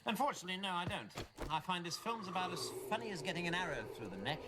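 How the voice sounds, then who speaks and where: A sneering army captain. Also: male voice, high-pitched, animated, fast talker. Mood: scornful. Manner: dry, withering, sarcastic. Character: sardonic cynical male army captain, scornful wit. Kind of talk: sitcom acting. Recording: noisy TV audio with studio laughter.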